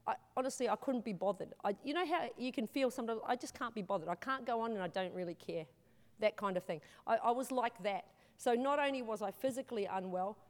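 Earnest woman in echoing hall. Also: mid-range voice. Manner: earnest, emotional, halting with restarts. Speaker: speaker sharing testimony. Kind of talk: church testimony and altar call. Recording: long hall reverb.

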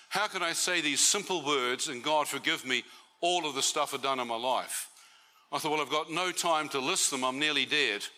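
A man's voice: a little high, moderate pace, bright, forceful tone. A man giving a testimony sermon to a church meeting, conversational and often asking the audience questions.

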